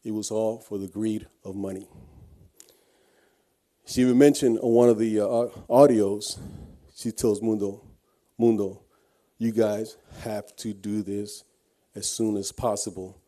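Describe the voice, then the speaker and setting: A man's voice: fairly low pitch, steady tone, measured pace, dark tone. A man giving an earnest personal testimony, telling his story with frequent restarts. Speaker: guest speaker.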